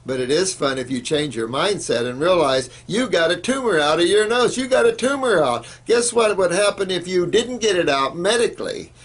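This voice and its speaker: A man's voice: sits high, expressive, moderate pace, few pauses, breathy edge. A man giving an informal health lecture, emphatic and repetitive, with frequent fillers. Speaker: health educator.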